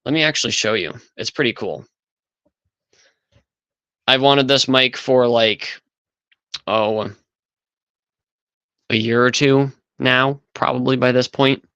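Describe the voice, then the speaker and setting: A man hosting a casual livestream, chatting loosely and thinking aloud as he goes. His mid-pitched voice sounds smooth and resonant, recorded dry and close with no room sound. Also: slow pace, long pauses, a bit bright, no echo, poor audio. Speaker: livestream host.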